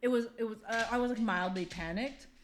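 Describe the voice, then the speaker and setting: Animated storytelling woman in her fifties. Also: a little high, brisk. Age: 50s. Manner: animated storyteller, acts out voices in her anecdotes. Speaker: podcast co-host. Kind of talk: casual chat.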